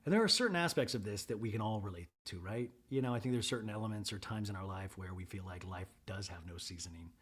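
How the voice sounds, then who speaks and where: A man's voice: on the low side, expressive, fast, hardly any pauses, a bit bright, slightly rough. A man hosting a podcast, talking through a reality TV scene in a casual, earnest way and repeating himself for emphasis. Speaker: podcast host. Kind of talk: casual recap commentary.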